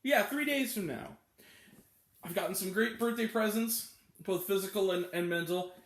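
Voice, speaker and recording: A man's voice: high-pitched, normal speed. A man in his late twenties reviewing a movie in a casual, exasperated rant, swearing now and then. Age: 20s. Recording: echoey room.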